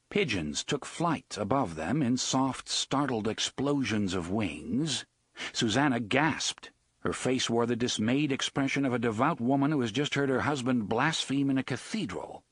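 Husky-voiced male audiobook narrator. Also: medium pitch, measured pace, no room sound, clean studio sound. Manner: expressive, dramatic storytelling. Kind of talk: scripted narration.

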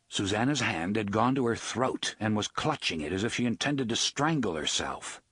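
A man giving an expressive, dramatic audiobook narration on a close studio mic. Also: fairly low pitch, normal speed, few pauses, slightly rough, no room sound.

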